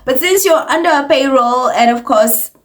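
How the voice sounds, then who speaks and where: A woman's voice: sits high, normal speed. A woman hosting an opinionated commentary vlog, talking in a sarcastic, mocking way and putting on voices to imitate people. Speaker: commentary channel host.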